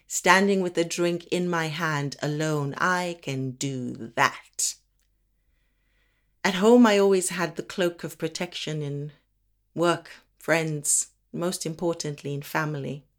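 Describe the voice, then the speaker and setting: A woman performing a spoken word monologue from Africa, with a measured, deliberate delivery and slow emphatic pauses. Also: deep voice.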